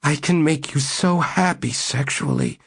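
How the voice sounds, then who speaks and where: A man voicing a brazen young woman who talks in a slow, raised, imploring voice. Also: on the high side, wildly swooping pitch, gravelly, husky, voice pushed up, exaggerated voice. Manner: breathless and imploring.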